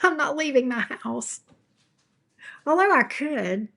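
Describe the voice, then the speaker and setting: A woman's voice: high voice, animated, takes it slowly, creaky, fairly bright tone. A woman tarot reader chatting casually with her viewers from home. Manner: chatty, talks baby talk to her pet. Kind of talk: casual livestream chat.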